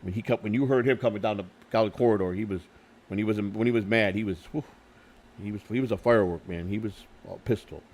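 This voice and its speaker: A middle-aged man telling stories in a candid interview, swearing freely, repeating and restarting his words, and getting louder when he retells arguments. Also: on the low side, fast talker. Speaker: interview guest. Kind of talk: candid conversational storytelling.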